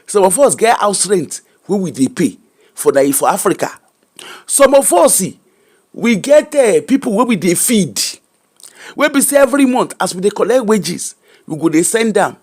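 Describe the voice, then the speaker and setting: A man's voice: high-pitched, very animated, moderate pace, a little mellow. A middle-aged Nigerian man with a Nigerian accent, hosting an emphatic, preacher-like commentary that mixes Pidgin and English. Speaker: host.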